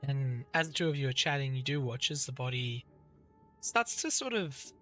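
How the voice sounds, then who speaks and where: A man's voice: mid-range voice, big pitch swings, normal speed, pushed and bright, faint music behind. A man narrating as game master of an actual-play tabletop game, vivid and descriptive with many fillers.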